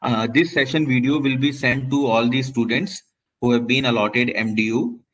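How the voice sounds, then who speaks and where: A man's voice: medium pitch, steady tone, moderate pace, a bit bright, slight background noise. A man moderating an online session, polite and full of "sir", over a video call. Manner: polite, says sir often, fillers. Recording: slightly dull video call audio.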